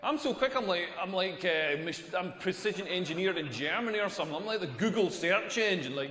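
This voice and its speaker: Crude stand-up comic in an echoey hall. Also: male voice, high voice, brisk. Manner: crude, deadpan punchlines. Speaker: stand-up comedian. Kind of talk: stand-up comedy routine. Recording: echoey hall with long reverb.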